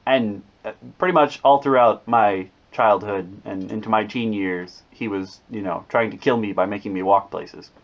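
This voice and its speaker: A man's voice: lowish voice, normal speed. Young guy rambling through family stories, jokey, lots of restarts. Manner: animated, jokey, with repeated restarts. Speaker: vlogger. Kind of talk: casual storytelling monologue.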